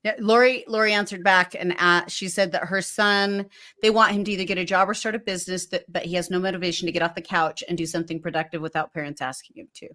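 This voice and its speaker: Brief: woman co-host, lowish voice, easygoing and candid, quick to laugh. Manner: laughs easily, relaxed and candid. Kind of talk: casual chat.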